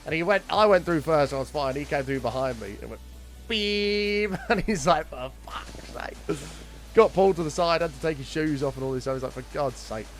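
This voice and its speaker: A man's voice: a little high, faint music behind. A young man streaming a game, chatting with his viewers and telling long, sweary stories in a casual way. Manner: chatty storytelling, sweary, quick to greet viewers. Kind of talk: casual chat with live chat while gaming.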